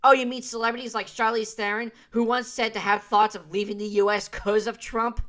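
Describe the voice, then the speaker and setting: A woman's voice: fairly high pitch, little pitch movement, fairly quick, few pauses, a bit bright. A woman commentator cutting in over a clip with sarcastic, scornful retorts. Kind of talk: mocking commentary.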